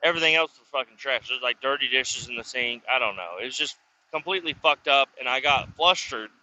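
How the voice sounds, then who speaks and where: A man's voice: medium pitch, a little fast, pushed and bright, dull audio, slight background noise. A man telling a personal story in a casual, rambling way, swearing often, restarting sentences and acting out both sides of conversations. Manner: profane, rambling, full of restarts and acted dialogue. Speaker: vlogger telling stories. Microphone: self-recorded camera or phone mic.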